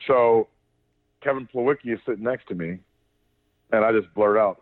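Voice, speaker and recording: Male podcast co-host, lively storyteller with restarts and cussing; dry, thin phone-line audio. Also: lowish voice, brisk, long pauses, no room sound. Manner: animated storyteller, swears, frequent restarts. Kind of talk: casual sports chat.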